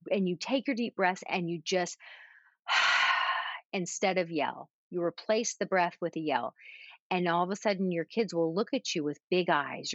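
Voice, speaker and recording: Woman guest coach, lively advice-giver, audible sighs; lo-fi dry recording. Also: lowish voice, no room sound. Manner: animated, sighs and breathes audibly to demonstrate. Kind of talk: casual advice chat.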